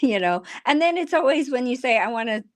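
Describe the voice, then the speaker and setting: A middle-aged woman with a Minnesotan accent, chatting casually as a voice actor on a video call, chatty and quick to laugh. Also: high voice, big pitch swings. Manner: chatty, laughs often, puts on voices when quoting. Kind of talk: casual chat.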